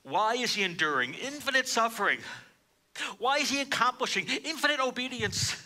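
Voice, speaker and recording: A high, very bright male voice delivering a sermon. He swings from hushed, low lines to loud, ringing declarations. He leans on repetition to drive points home. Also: animated, normal speed. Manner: dramatic preaching, swinging between hushed and loud; repeats phrases for emphasis. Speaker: pastor.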